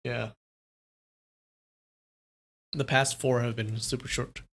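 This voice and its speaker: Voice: medium pitch, flat delivery, slow pace, background noise. A streamer reading a wuxia novel aloud live, with casual, playful chat between passages. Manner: casual, playful, chatty asides.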